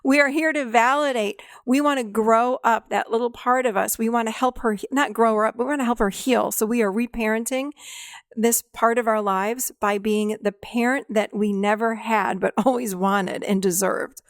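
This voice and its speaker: Expressive woman podcast host. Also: a little high, moderate pace, no echo, clean studio sound. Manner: acts out quoted dialogue, warm validating tone, laughs often. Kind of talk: casual podcast chat.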